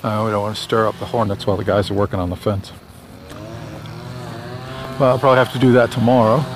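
A man's voice: on the low side, steady tone, fast, noisy background. A man talking casually while out walking, chatty and rambling, a bit out of breath. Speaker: author vlogging on a walk. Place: outdoors on a sunny suburban street.

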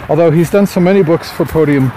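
Outdoors with background noise, a man with a slightly high voice talks fast in a casual morning vlog. As an author, he muses aloud and rambles, often restarting and using lots of fillers.

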